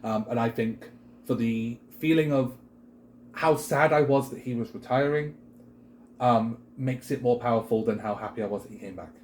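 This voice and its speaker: On a wrestling chat show, a British co-host chats casually in a mid-range voice at a moderate pace, with a little hiss or hum on the recording. He's animated and rambling, leaning heavily on fillers.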